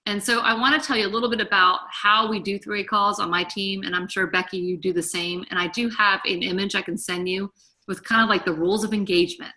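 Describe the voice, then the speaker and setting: Bright-voiced chatty woman coaching a team. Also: mid-range voice, steady tone, fast. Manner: chatty, eager, encouraging. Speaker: team leader. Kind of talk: coaching talk on a group call.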